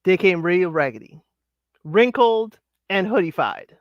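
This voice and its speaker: A woman's voice: fairly low pitch, lively intonation, a little slow, no room sound, muffled recording. Sassy woman, dry close sound. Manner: sassy, scolding, blunt. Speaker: panel co-host. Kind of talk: casual commentary chat.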